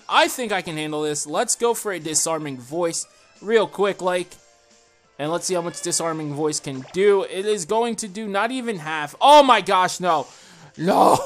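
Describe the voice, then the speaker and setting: Excitable young man playing a game. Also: sits high. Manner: excitable, chatty, talks to himself and viewers. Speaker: gaming YouTuber. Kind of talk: let's play commentary. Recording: faint game music behind.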